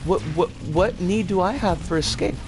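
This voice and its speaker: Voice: mid-range voice, normal speed, over music. A streamer talking through a live game session, reading chat aloud, with frequent stammered restarts and mild swearing. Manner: chatty, self-correcting, reads chat aloud.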